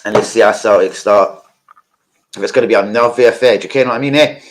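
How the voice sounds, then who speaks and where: Rambling, swearing man, lowish voice. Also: fairly even intonation, fast. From London. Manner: rambling, swears freely, chatty asides to viewers. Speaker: host of a live football watch-along. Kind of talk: casual live watch-along chat.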